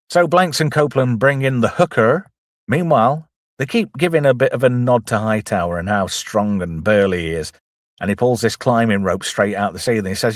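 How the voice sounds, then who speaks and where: A man's voice: medium pitch, no room sound, clean studio sound. A man chattily retelling a comedy film scene by scene, with self-deprecating asides. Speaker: film reviewer, channel host. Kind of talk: casual film recap.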